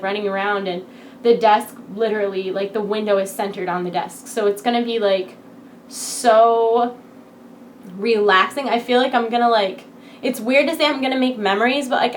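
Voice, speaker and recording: A woman's voice: mid-range voice, slight background noise. A woman in her twenties chatting casually to camera from home, full of filler words. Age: 20s. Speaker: vlogger. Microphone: computer desk setup.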